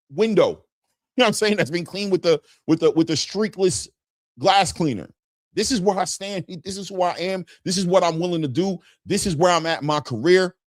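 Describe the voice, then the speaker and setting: A man hosting a casual boxing talk livestream, reading viewer chat messages aloud in an animated, slangy way, repeating phrases and laughing often. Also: fairly high pitch, no room sound, clean studio sound. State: just woke up.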